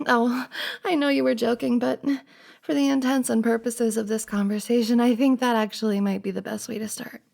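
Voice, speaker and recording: A flustered young best friend, played by a woman in a whispered role-play, soft and earnest, pleading and stumbling over her words. Her fairly high voice has a gravelly fry at the ends of phrases. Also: steady tone, normal speed. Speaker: ASMR roleplay performer.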